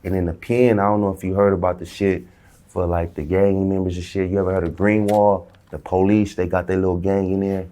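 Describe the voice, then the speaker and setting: Low-voiced man telling a street story. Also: little pitch movement, a little fast, mellow. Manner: slang-heavy, acts out dialogue. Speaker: interview guest. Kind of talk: casual storytelling.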